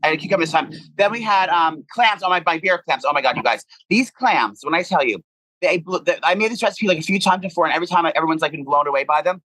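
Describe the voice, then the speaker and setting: A man co-hosting a podcast in casual chat, animated and rambling with crude humor. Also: a little high, quick pace, dry recording, poor audio. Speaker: podcast co-host.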